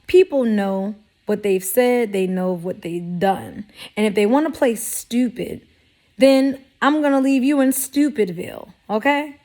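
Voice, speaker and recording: A woman's voice: medium pitch, measured pace, mellow. A woman talking straight to camera in a sassy, blunt way, giving life advice and acting out mock quotes. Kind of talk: casual direct-to-camera talk.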